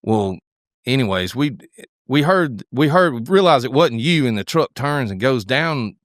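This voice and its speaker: A man co-hosting a podcast, telling a hunting story in a casual, animated drawl full of restarts, recorded in a studio. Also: medium pitch, measured pace, no echo. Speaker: podcast co-host.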